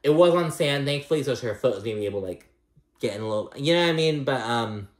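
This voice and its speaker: A man's voice: mid-range voice, lively intonation, quick pace. A man giving a casual, gossipy recap of a reality show episode, swearing freely and peppering his talk with likes and you knows. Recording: roomy echo.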